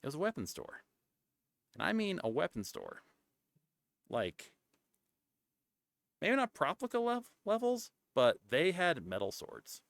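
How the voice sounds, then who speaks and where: A male streamer chats in a rambling, gravelly voice that swings widely in pitch. He keeps cutting himself off, slips now and then into hushed asides, and the sound is close and dry. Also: wildly swooping pitch, a little slow, pauses often, no room sound. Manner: rambling, self-interrupting and chatty. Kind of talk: casual chat.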